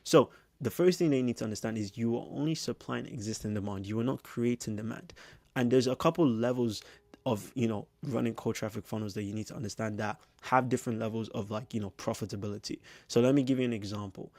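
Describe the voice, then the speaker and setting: A man's voice: medium pitch, darkish tone, no room sound. A man coaching on business, talking straight to camera in a casual, filler-heavy way. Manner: fast, casual, heavy use of filler phrases. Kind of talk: direct-to-camera business teaching.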